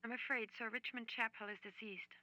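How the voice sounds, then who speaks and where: Brisk helpful receptionist, highish voice, businesslike. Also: female voice, fairly even intonation, bright, forceful tone, low-quality recording. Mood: polite.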